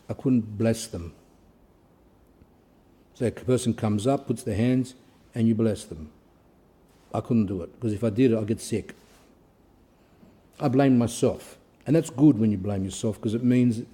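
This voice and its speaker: A middle-aged Orthodox priest gives an earnest, sermon-style talk, telling stories and acting out the exchanges in them. His voice is medium-pitched, dark and husky.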